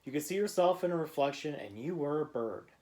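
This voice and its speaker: A man narrating a bedtime story to a child in a gentle, playful way. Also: fairly high pitch, lively intonation, fairly quick.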